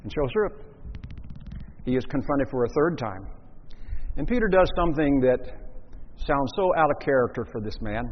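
A man's voice: mid-range voice, lively intonation, normal speed, long pauses, long reverb tail, muffled recording. A man preaching a sermon, telling a story and acting out the voices of the people in it. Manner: storytelling, acts out quoted voices.

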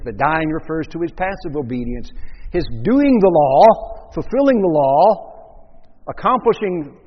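A male pastor delivers an emphatic sermon, stressing and repeating key words. His voice is husky and a touch high. The recording is dull and lo-fi, with a long church reverb behind every line.

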